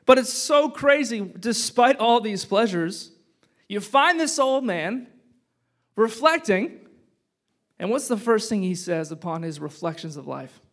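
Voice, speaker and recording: Pastor, male, high voice, casual sermon, jokey then hushed. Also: expressive, measured pace. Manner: conversational and joking, swinging between loud punchy lines and hushed reflective ones.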